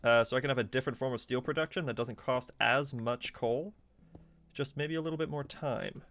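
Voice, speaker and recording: Male game streamer, medium pitch, casual and chatty, quick to laugh and startle. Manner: chatty, laughs often, excitable reactions. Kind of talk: casual live gameplay commentary.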